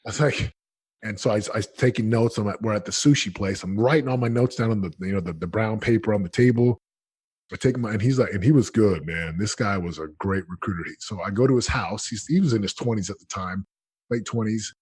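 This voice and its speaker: Husky-voiced man telling a story. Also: on the low side, a little fast. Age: late 30s. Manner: energetic, emphatic, full of slang and restarts. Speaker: guest. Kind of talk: casual storytelling in an interview.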